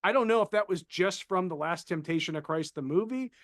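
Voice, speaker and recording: A man's voice: high-pitched, lively intonation, a little fast, no echo. Conversational man, dry close sound. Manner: conversational, reads out viewer questions. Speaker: co-host, paranormal consultant. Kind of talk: casual podcast discussion.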